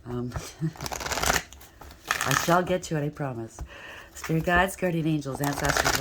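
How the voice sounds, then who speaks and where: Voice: mid-range voice, a little slow, long pauses, heavy background noise. Tarot reader talking straight to the listener. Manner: addresses the listener directly with frequent rhetorical checks; stumbles and restarts while talking. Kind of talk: casual spoken tarot reading to camera.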